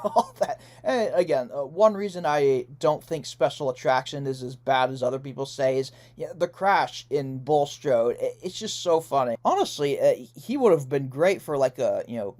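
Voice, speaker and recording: A man's voice: medium pitch, darkish tone. A young man hosting a casual commentary video, chatting loosely with frequent laughs, fillers and self-corrections as he ranks characters. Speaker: YouTube host ranking characters.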